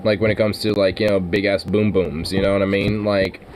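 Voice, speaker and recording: A man's voice: fairly low pitch, flat delivery, a little fast, slight background noise, low-quality recording. A man in casual, profane podcast banter, rambling with lots of fillers and frequent laughs.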